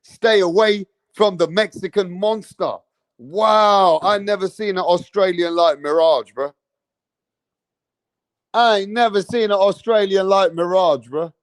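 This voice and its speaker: A young man, high-pitched and unhurried, riffs through a boxing live stream in slangy, animated commentary. He talks straight to the chat, and his voice sounds close and dry with no room around it. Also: no echo.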